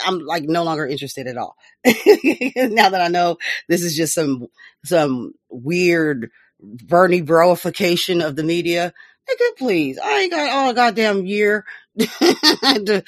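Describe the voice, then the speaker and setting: A woman's voice: on the low side, lively intonation, a little slow, no room sound, studio quality. A woman hosting a podcast, giving casual political commentary in a profane, laughing, mocking way. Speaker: podcast host.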